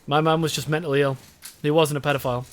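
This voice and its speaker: A man's voice: fairly high pitch, steady tone, quick pace. A young British man streaming a game, chatting casually with his chat, swearing and rambling. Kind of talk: casual live-stream chat while gaming.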